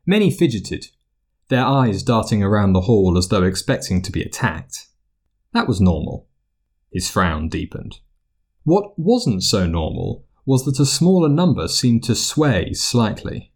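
A man narrating fiction aloud as an audiobook in an expressive storytelling manner. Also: fairly low pitch, unhurried.

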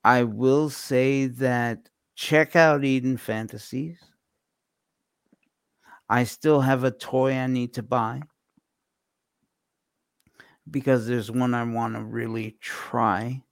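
Man, podcast co-host, slow halting delivery, dry close sound. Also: medium pitch, fairly even intonation, gravelly, dry recording. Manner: halting, many fillers. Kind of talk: casual podcast sign-off.

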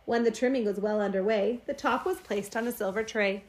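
A woman reading a rhyming children's Christmas picture book aloud in an expressive, sing-song way. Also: a little high, brisk. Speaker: storyteller.

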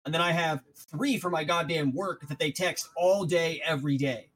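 A man, co-hosting a podcast, telling profane stories fast and with many restarts. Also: a little high, fairly bright tone, low-quality recording. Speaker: podcast co-host. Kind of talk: casual chat.

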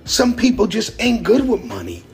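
A man's voice: sits high, huge pitch swings, normal speed, gravelly, music in the background. A middle-aged man giving blunt, profane advice in a casual vlog monologue. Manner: blunt, profane street talk. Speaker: vlogger giving life advice.

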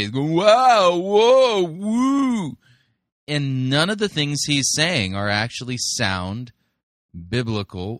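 A man delivering pointed, critical commentary on a sermon he has just played. His voice is bright and edgy and swings widely in pitch, and the sound is close and dry. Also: no room sound. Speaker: host reviewing sermons.

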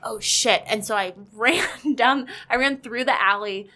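A woman spins a story in an animated, dramatic way, swearing casually as she goes. Her voice sits a little high and rings bright and forceful. It is casual podcast talk among friends. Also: unhurried.

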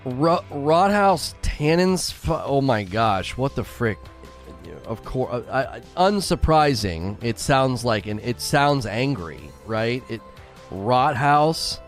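Giggly streamer guy rambling to chat, slow easy talk, faint music in the back. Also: medium pitch, animated. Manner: giggly, laughs often at his own jokes; rambling, with many fillers and restarts. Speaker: game streamer talking to chat. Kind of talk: casual live-stream chat.

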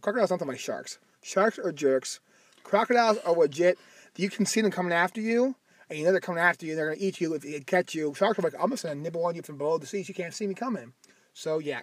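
On a phone-recorded car podcast, a man from the Midwest speaks on the high side with no echo. He co-hosts in a rambling, joking style, often correcting himself, with an occasional stutter.

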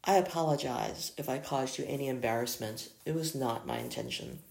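A possessive man, icy toward outsiders and gentle with his lover, as a storybook reader plays him. The voice is gravelly with fry. It sits in a roomy, echoey space. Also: mid-range voice, a little fast, close to an everyday voice. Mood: soft. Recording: echoey room.

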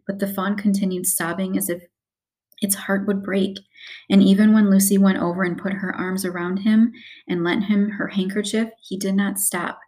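A woman narrating a children's story aloud in a steady storytelling read. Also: mid-range voice, normal speed. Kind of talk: audiobook narration.

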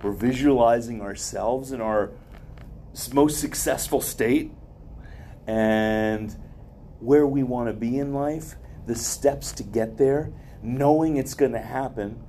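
Warm-voiced man giving a rambling motivational talk. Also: medium pitch, takes it slowly, slight background noise. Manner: rambling, conversational, with many asides.

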